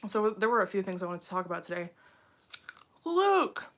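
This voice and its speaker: This young livestreamer talks to viewers from home while reading the chat, casual, frazzled and heavy on fillers. Her fairly low voice is steady in tone and fairly bright, and she races along.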